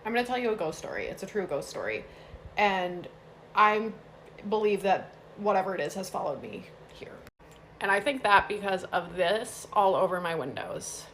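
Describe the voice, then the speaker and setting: A woman's voice: mid-range voice, sing-song, normal speed, a bit bright, slight background noise. A young woman casually telling a true ghost story to her phone, chatty and full of fillers and asides.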